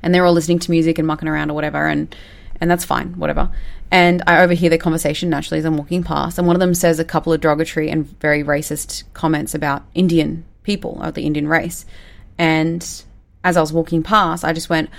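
Woman, business coach, lowish voice, direct, animated casual advice talk. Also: fast talker, gravelly. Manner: direct and animated, acts out quoted lines. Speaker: business coach and recruitment firm owner.

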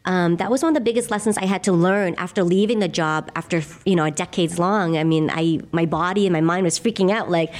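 A middle-aged woman being interviewed about her work as a laughter yoga leader. Her voice sits slightly low, and she talks in a gentle, earnest, reflective way. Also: fairly quick, few pauses. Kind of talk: conversational interview, guided exercise.

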